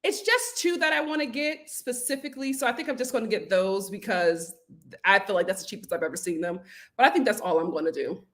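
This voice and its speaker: A woman's voice: mid-range voice, fast. A young woman hosting a casual live stream, reading viewer comments aloud and chatting back with frequent laughs and restarts. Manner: chatty and animated, laughs often, stammers and restarts.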